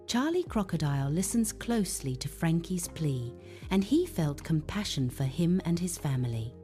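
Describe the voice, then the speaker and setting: A woman's voice: fairly low pitch, normal speed. A woman narrating a children's Bible story, reading aloud expressively. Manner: expressive, animated read-aloud. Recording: faint background music.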